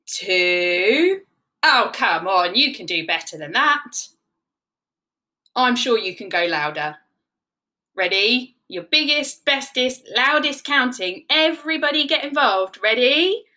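A woman telling a children's story in an animated, encouraging way, cheering the young listeners through the counting. Her voice is bright and lively, and she takes it slowly. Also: fairly high pitch.

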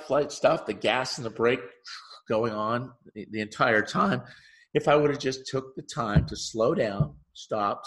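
A man, a relationship therapist, speaking in a podcast monologue, telling an animated story full of asides and repeating key phrases for emphasis. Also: mid-range voice.

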